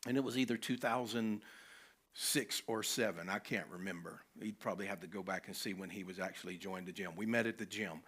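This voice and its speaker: A man's voice: low-pitched, brisk, fairly bright tone, slightly rough. A man, telling a personal story animatedly as a conference speaker. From North Carolina, US. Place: conference venue.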